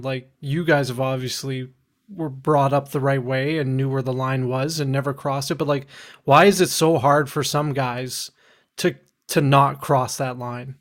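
A man co-hosting a casual podcast, calm, asking earnest questions. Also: medium pitch. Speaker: co-host.

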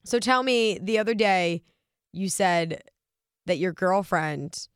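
A young woman co-hosting a podcast in casual chat, teasing, blunt and quick to laugh. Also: on the low side, smooth, no echo, clean studio sound. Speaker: podcast co-host.

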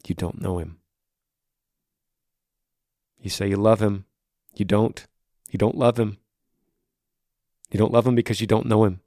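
Guy hosting a faith podcast, super passionate, goes quiet then loud, dry close mic. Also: fairly low pitch, fairly even intonation, a little slow, pauses often, no echo. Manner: passionate, swings between hushed and raised voice. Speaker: podcast host. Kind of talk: answering a listener question on faith.

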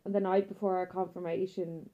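A young Irish woman in her twenties, a guest telling stories in casual chat, lively and laughing, with plenty of fillers. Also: on the low side, fairly quick, a little hiss or hum. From Ireland. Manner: animated storyteller, frequent laughter and fillers. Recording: muffled, dull audio.

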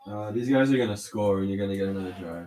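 A man watching football with a friend, yelling at the players and swearing. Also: on the low side, quick pace. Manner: trash-talking, yells at the players. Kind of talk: casual sports banter. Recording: echoey, distant from the mic.

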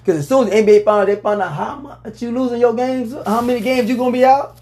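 A man's voice: very high-pitched, fast. Whooping, rambling sports talk man. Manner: animated, loose and rambling, with loud whoops. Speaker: sports talk show host. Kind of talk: casual sports commentary.

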